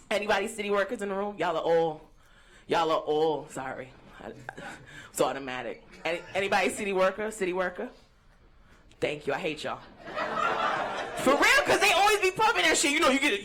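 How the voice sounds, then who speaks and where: A woman's voice: mid-range voice, very noisy. Brash New woman doing stand-up. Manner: brash, profane, animated crowd work. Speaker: stand-up comedian. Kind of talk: stand-up comedy set. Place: comedy stage before a live audience. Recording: live stage mic with crowd laughter.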